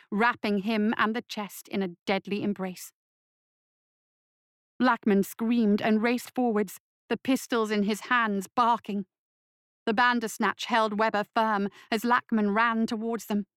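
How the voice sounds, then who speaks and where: A woman reading a scripted adventure story aloud as narrator, measured and slowing for dramatic passages. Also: mid-range voice, a bit bright, clear, resonant tone, dry recording, clean studio sound.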